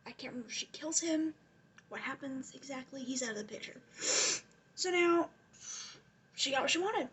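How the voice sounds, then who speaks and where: A young woman with a high, light voice tells history as a rambling comic story. She swears freely and drops careless asides along the way. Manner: rambling, profane, giggly asides. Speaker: vlogger. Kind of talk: casual comedic history retelling.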